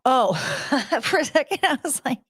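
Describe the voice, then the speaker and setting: A woman hosting her own show, chatting casually with viewers and cooing to her dogs in soft baby talk, laughing often and trailing off mid-sentence. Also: sits high, lively intonation, a little slow, slightly rough, no room sound, clean studio sound.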